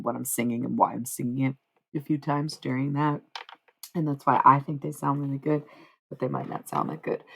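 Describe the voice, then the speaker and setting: A woman livestreaming, chatting casually to her viewers in a rambling, slangy, frank way. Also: low voice. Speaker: livestreamer and singer.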